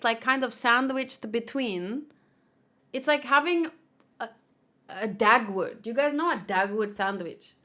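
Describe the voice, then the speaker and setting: Female reaction host, a bit high-pitched, bright tone, loose joking delivery. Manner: chatty, reads trivia aloud, laughs at own jokes. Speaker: anime reaction channel host. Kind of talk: casual reaction commentary.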